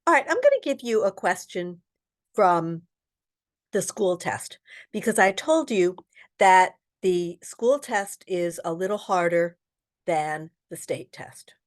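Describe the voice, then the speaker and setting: A woman's voice: fairly low pitch, animated, takes it slowly. A woman instructor leading an online exam-prep lesson, reading out test questions and explaining the answers with frequent ums. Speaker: real estate exam instructor.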